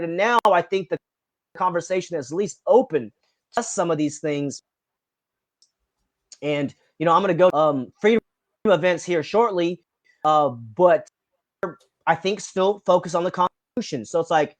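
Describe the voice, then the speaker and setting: A man with a fairly high voice speaks as a guest on a podcast. His talk is earnest and passionate, rambling from one idea to the next in a casual, conversational way. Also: animated, normal speed, pauses often, dry recording.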